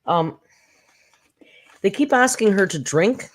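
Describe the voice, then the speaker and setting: A woman's voice: mid-range voice, expressive, takes it slowly, background noise. A woman hosting a casual live reaction stream, snarky and profane, rambling with fillers, close to her mic. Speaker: commentary channel host. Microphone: close desk mic.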